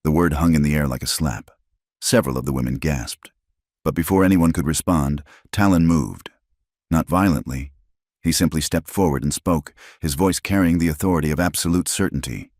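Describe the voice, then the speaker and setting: A man with an extremely deep voice narrates a Western story in a measured, dramatic way. His pitch moves a lot. The recording is dry and close, with no room sound. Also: lively intonation, darkish tone, no echo.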